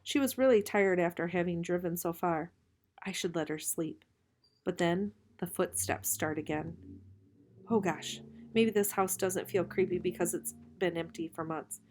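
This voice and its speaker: A woman reading a novel aloud in a calm, measured way, slowing for suspense. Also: lowish voice. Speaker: reader.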